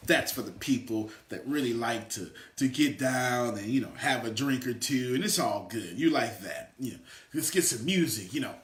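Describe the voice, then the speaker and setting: Animated man coaching in an echoey room. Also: mid-range voice, moderate pace. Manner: animated, swings from loud shouts to quiet asides. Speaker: motivational coach. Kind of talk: energetic motivational teaching. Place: room with a small live audience.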